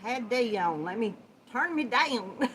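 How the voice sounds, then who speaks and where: A woman's voice: a little high, animated, slow, a bit bright, slight background noise, poor audio. A woman with a Southern US accent hosting a casual live-stream chat. She greets her viewers by name, chatting and laughing often. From Georgia, USA. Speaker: crochet channel host.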